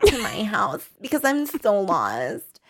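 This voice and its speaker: A woman's voice: mid-range voice, huge pitch swings, slow, a bit bright, slight background noise, heavily acted. A woman putting on the voice of a young woman who plays innocent and lost, wide-eyed and falsely helpless. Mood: coy.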